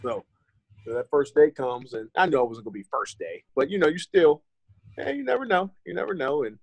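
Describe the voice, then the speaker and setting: A man's voice: fairly high pitch, expressive, fairly quick, no room sound, poor audio. An American man in his thirties, a former pro running back, telling his story casually and candidly as a podcast guest, with some swearing and acted-out conversations. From United States. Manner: candid and loose, swears freely and acts out remembered conversations.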